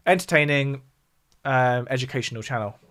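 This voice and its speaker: This man, a music YouTuber from the south of England, speaks in a fairly bright, medium-pitched voice at normal speed. Hosting a livestream with his southern English accent, he explains topics casually and answers the chat in between.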